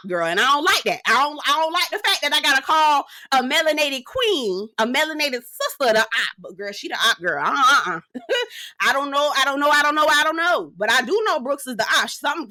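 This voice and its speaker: A woman giving a sassy, slangy gossip recap of a reality show episode, animated and quick to laugh. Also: high-pitched. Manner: sassy, slangy, keeps calling listeners girl and child; animated storyteller who laughs often. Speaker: reality TV reviewer. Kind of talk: casual gossipy recap commentary.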